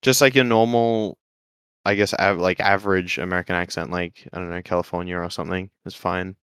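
A man in casual podcast chat, talking in a relaxed, hesitant way with lots of fillers. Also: deep voice, brisk, clean tone, no room sound. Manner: relaxed and hesitant, with many fillers like "like" and "I don't know". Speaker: podcast co-host.

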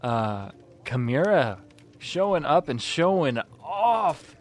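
Animated man gushing on a podcast. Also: on the high side, slow pace. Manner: enthusiastic, animated, frequent agreeing interjections. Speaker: podcast co-host. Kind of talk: casual chat.

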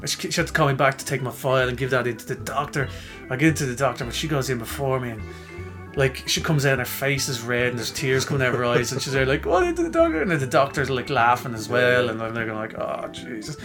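With music in the background, a man in the mid-range speaks quickly while co-hosting a podcast. His casual, lively story makes fun of himself, and he acts out the quoted voices of those involved.

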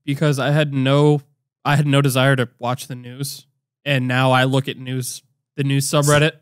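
A man's voice: mid-range voice, flat delivery, normal speed, clear, resonant tone, no room sound, clean studio sound. A man co-hosting a casual podcast, making crude joking interjections. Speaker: podcast co-host.

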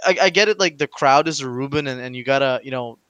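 A man's voice: mid-range voice, fast talker, a bit bright, smooth, dry recording, highs cut off. A man hosting a casual podcast with a Floridian accent, chatty and joking, swearing freely. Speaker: podcast host.

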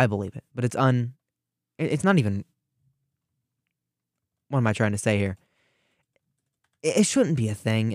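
A teenage radio show host from Ohio, US, delivers a sarcastic political rant, animated and often restarting his sentences. His voice is medium in pitch, recorded with clean studio sound and no echo.

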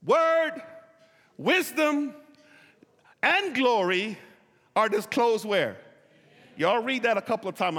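High, lively preacher in a reverberant church. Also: male voice. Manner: call-and-response, has listeners repeat phrases. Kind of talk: sermon. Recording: long reverb of a large hall.

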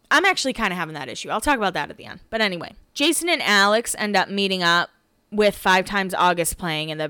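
A woman's voice: mid-range voice, bright, forceful tone, smooth, dry recording, studio quality. A young woman hosting a podcast, casually recapping a reality show in a gossipy, chatty way, swearing freely and acting out what people said.

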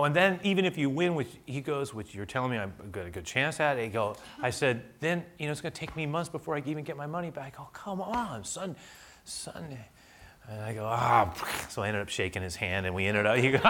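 Bright-voiced man preaching a sermon. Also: mid-range voice. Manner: storytelling, animated when quoting himself. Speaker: pastor.

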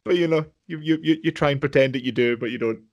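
Casting: man, mid-pitched, rambling podcast talker who chuckles often. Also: fast. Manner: rambling with many fillers, laughing easily. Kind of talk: casual chat.

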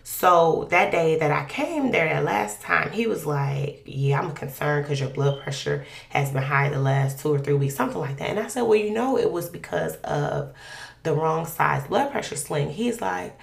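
A woman's voice: deep voice, moderate pace, gravelly. A young woman casually telling a personal faith story, acting out the dialogue in a raised voice. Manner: animated, acts out quoted dialogue in a raised voice. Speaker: guest sharing a testimony. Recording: echoey room.

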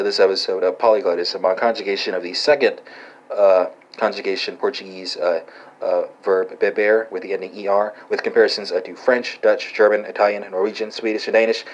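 A man giving a casual language lesson, talking haltingly with many "uh"s and "right?" tags. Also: on the low side. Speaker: language teacher. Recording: dull lo-fi recording.

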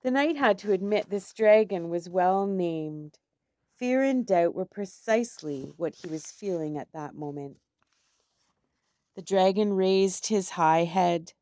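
Slow, measured woman reading a story. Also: fairly low pitch, warm tone, dry recording, studio quality. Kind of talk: scripted storybook narration.

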